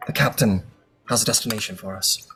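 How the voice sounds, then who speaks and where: A man's voice: lowish voice, brisk, a bit bright, a little hiss or hum, lightly acted. A man voicing a pompous, overconfident young elf archer who speaks in grand, formal phrases.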